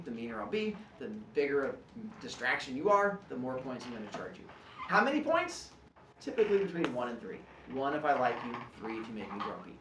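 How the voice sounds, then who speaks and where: A man teaching and explaining classroom rules in an animated, joking way, acting out his students. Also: medium pitch, reverberant, a little hiss or hum. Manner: animated, jokey, acts out students.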